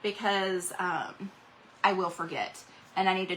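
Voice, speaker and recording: A woman's voice: medium pitch, steady tone, a little slow, fairly bright tone, slight background noise, poor audio. Chatty woman hosting a craft livestream. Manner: rambling, chatty, reads out viewer comments. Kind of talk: casual livestream chat while painting.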